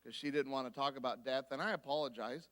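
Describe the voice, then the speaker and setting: A man giving a guest sermon, telling a personal story in an animated way and acting out the voices of the people in it. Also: mid-range voice, quick pace. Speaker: guest speaker. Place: church.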